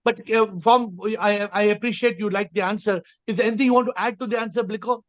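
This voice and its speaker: A man's voice: high voice, steady tone, quick pace, no echo, muffled recording. A man leading an online group call as a spiritual teacher, explaining emphatically and repeating his phrasing. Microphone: video call.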